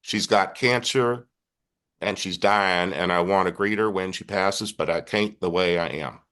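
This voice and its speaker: A man's voice: sits low, unhurried, a bit bright. An older man voicing the angry spirit of a young man from the rural American South, with a rural Georgia accent. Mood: pleading. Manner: gruff, bitter and pleading.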